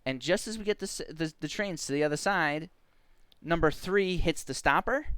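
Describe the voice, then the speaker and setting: A man chats with friends on a stream and tells a funny story. His voice is smooth and clear, recorded dry and close. When he quotes people he jumps up high and gets excited. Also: moderate pace, dry recording. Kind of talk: casual storytelling chat.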